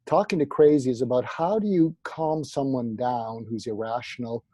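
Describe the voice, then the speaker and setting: A man, a psychiatrist guest who tells animated anecdotes in an interview, acting out the quoted lines. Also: medium pitch, normal speed, slight background noise. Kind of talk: storytelling interview answers.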